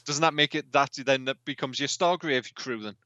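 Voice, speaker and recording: A podcast co-host chats casually, asking questions and often trailing off and restarting his sentences. He speaks at a moderate pace in a bright, forceful, mid-range voice, and the sound is lo-fi.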